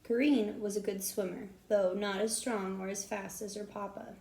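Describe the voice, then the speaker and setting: A woman reads a children's storybook aloud, steady and expressive, in a gravelly, mellow voice. The recording has a roomy echo around her. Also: mid-range voice, normal speed, a little hiss or hum. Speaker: audiobook narrator. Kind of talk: storybook reading.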